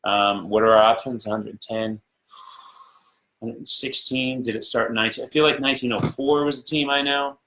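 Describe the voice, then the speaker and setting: A middle-aged man co-hosting a casual live-stream chat, playful and excitable like a sports fan. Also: mid-range voice, moderate pace. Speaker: co-host. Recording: echoey room.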